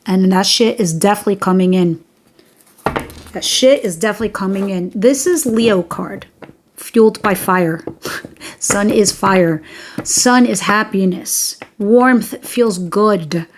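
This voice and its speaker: A woman's voice: mid-range voice, measured pace, slight background noise. A young woman giving a casual tarot reading, talking directly and emphatically to her listeners, with the odd swear word. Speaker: tarot reader.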